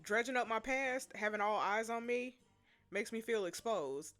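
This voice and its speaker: A woman reading the lines of a brooding bad-boy young man in a story game, quiet, wry and reflective. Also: fairly high pitch, normal speed, soft background music, natural voice. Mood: low-key.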